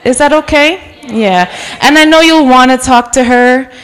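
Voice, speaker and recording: A woman in her forties from New York City with a mixed North Jersey accent, a guest preacher warming up the church with chatty jokes, stories and bits of Spanish. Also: sits high, unhurried, clean tone. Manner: chatty and joking, mixing in Spanish phrases. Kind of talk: sermon with personal storytelling. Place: church sanctuary.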